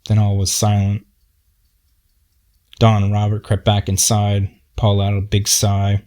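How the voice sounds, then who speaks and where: Man, folksy storyteller, lowish voice, plainspoken. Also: monotone, measured pace, warm tone. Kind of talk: personal storytelling.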